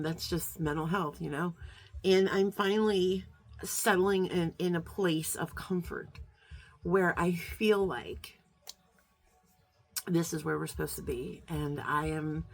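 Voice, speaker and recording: A woman vlogger with a slightly low voice talks straight to her viewers in a rambling, heartfelt chat. She is middle-aged, and she keeps stopping and restarting with um and uh. She sounds a little choked up with emotion. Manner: rambling, warm, many fillers and restarts. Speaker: beauty vlogger.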